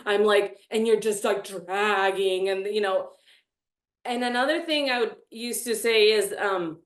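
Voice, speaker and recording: A woman in her thirties sharing her experience in a casual, animated, self-dramatizing way. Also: mid-range voice, a little slow, echoey room. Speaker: reality show contestant. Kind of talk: casual group chat.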